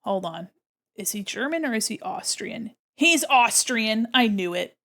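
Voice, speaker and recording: An American woman streaming, chatting casually with viewers while drawing, self-deprecating and quick to laugh. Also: on the high side, animated, a bit bright. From United States.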